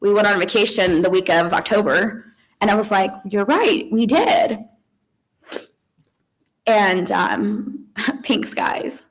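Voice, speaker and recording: Woman, forties, grieving mother, eulogy, halting, soft laughs, sighs, restarts, funeral home. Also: medium pitch, steady tone, rough recording.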